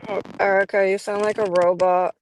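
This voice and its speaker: A woman's voice: mid-range voice, little pitch movement, a little fast, slight background noise. A woman hosting a livestream, chatting casually about a trial. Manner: laughing, chatty. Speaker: livestream host.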